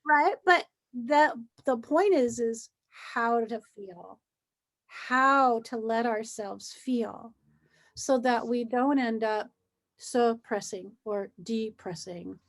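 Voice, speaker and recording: A woman co-hosting a casual talk on feelings, reflective and slowing down on key points. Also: on the high side. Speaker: podcast co-host. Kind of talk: casual conversation.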